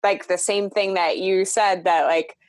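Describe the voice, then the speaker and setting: A woman's voice: medium pitch, fairly even intonation, a little slow. Encouraging woman podcast host. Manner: brief encouraging backchannel, laughs along. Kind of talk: interview chat.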